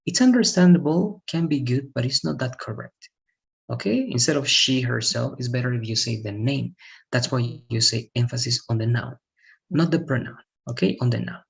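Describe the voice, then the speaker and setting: A man tutoring English online with a gravelly, creaky voice. He explains slowly and repeats each point, checking often that the student follows. His pitch sits in a middle range. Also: lively intonation, rough recording. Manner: patient, repetitive, checks understanding with "all right?". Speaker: English teacher. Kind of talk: one-on-one online English lesson.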